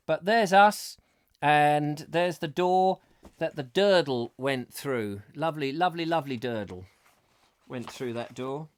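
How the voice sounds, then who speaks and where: A man's voice: high-pitched, fairly bright tone, no room sound, studio quality. A man hosting a live comic chat show, rambling and joking at his own expense. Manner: jokey, rambling, self-mocking. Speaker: host.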